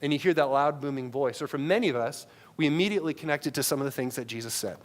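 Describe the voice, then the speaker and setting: Guy pastor preaching on a headset mic, kinda high voice, chatty style, keeps saying right? and goes loud then real quiet. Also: very fast. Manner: conversational preaching, tags many lines with "right?"; swings from loud emphatic peaks to low quiet asides. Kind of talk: sermon.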